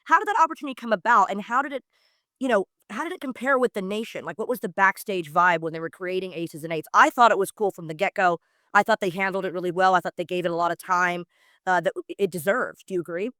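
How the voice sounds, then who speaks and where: A woman's voice: mid-range voice, quick pace, fairly bright tone, no echo, clean studio sound. A woman in her thirties hosting an interview podcast, gushing and asking long multi-part questions. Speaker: podcast host. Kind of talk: casual interview chat.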